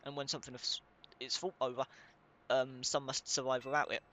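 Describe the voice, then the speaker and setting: A man's voice: medium pitch, little pitch movement, a little fast, bright, forceful tone. A young man giving casual commentary while reading game text aloud, swearing now and then and stumbling over hard names. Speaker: let's play gamer.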